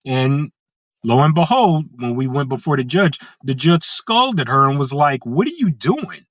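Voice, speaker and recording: A man's voice: mid-range voice, expressive, unhurried, a bit bright, no room sound, highs cut off. A man from California, a podcast guest telling his story in a casual way. He fills his talk with "uh" and restarts, and slips into voices when he quotes people. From California, USA. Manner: frequent "uh" fillers and restarts, acts out quoted people.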